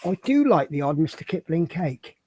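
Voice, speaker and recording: A man's voice: on the high side, big pitch swings, normal speed, a little mellow, husky, dry recording. Chatty man, dry sound. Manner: rambling, chatty anecdotes with restarts. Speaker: livestream host. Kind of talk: casual chat and storytelling.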